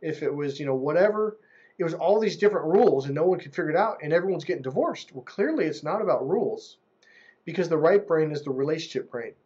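Husky, high-voiced male relationship coach. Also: quick pace, dull audio. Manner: animated, mimics other people's voices. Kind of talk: casual monologue to camera.

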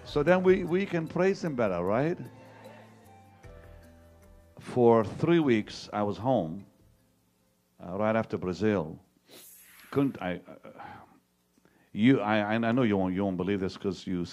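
A middle-aged male pastor telling his own story to a live congregation, halting and repeating words, dropping to a hushed tone when he retells what was said to him. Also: on the low side, soft background music. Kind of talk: testimony preached to a live audience.

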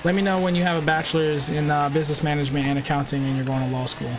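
Racing through his words over music, a twenty-something streamer speaks in a high-leaning voice with little pitch movement. The racing game's engines roar loudly behind him as he curses and trades jabs with chat trolls.

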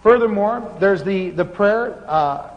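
A man preaching, telling stories with animated laughter. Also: high-pitched, slow. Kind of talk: sermon storytelling. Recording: muffled hall recording with faint hiss.

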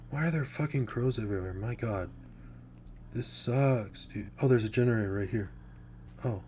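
A gaming YouTuber with a mid-range, darkish voice gives casual commentary while playing a horror game, with a little hiss or hum on the recording. Jittery and nervous, he slips from mumbled worry into sudden swearing and sometimes drops to a whisper.

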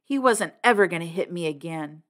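A woman's voice: on the low side, expressive, fairly quick, a bit bright. A woman reading a novel aloud, narrating expressively in the first person. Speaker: reader.

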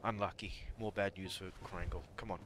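A man's voice: low-pitched, steady tone, a little fast, noisy background. A man streaming a game live, chatty and jokey, talking to his chat and taunting enemies. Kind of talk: live gameplay commentary.

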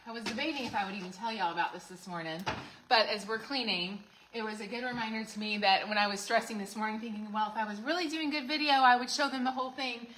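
A woman's voice: a little high, fast, a bit bright, slight background noise, low-quality recording. A middle-aged woman, chatting to viewers on a livestream while she cleans out her fridge, full of asides and fillers. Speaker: home organizing vlogger. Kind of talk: casual livestream chat. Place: home kitchen.

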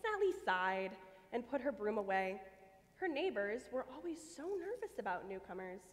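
A woman reading a children's story aloud at a church service, expressive and lively. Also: mid-range voice, moderate pace. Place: church sanctuary. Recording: long church reverb.

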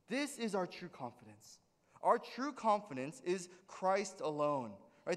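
High, lively male pastor in a hall. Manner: earnest, repeats with frequent "right?" checks. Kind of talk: sermon. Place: church sanctuary.

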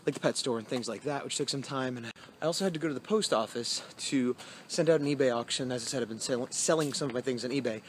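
A man's voice: mid-range voice, quick pace, a little hiss or hum. A man vlogging casually outdoors on an evening walk, rambling and self-deprecating, with many fillers. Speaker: comic artist vlogger. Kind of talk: casual vlog talk.

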